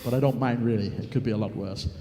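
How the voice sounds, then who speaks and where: Joking man hosting a live stage event, mellow fairly high voice, long hall reverb. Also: fast talker. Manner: chatty, joking, teasing the crowd. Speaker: event host. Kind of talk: improvised stage banter. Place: large conference hall on stage. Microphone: stage microphone.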